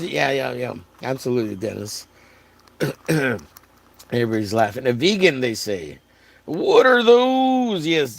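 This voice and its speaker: A man from Texas with a hoarse, wearing-out voice, chatting casually and jokingly to his live stream audience while riffing on catchphrases. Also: fairly high pitch, dry recording. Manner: joking, rambling, riffs on catchphrases.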